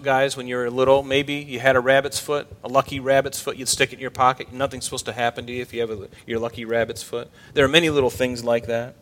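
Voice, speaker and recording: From the pulpit, a pastor delivers a sermon in a medium-pitched, fairly bright voice. He speaks emphatically and keeps firing rhetorical questions at his congregation.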